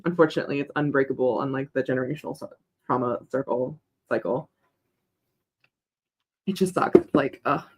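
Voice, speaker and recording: A woman's voice: a bass voice, fairly quick, long pauses, a little mellow, a little hiss or hum. A young woman hosting a casual co-working stream. She rambles between chat messages and coos at her dog. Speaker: writing livestream host.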